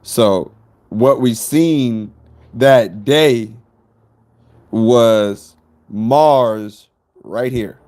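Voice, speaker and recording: A man's voice: medium pitch, very slow, long pauses, a little mellow. A man telling a rambling, profane story to viewers on his phone stream.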